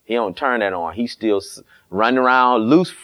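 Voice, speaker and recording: Preaching about marriage, this middle-aged man speaks at a normal speed in a mid-range, slightly bright voice. He's a pastor with a folksy, blunt manner, teasing the congregation and re-enacting past exchanges through quoted dialogue.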